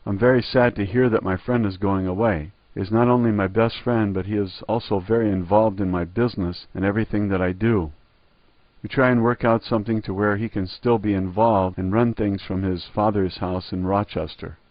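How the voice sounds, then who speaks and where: A man's voice: lowish voice, fairly even intonation, a little fast, no room sound, dull audio. A man reading a first-person memoir aloud, in a blunt, profane storytelling manner. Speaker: narrator.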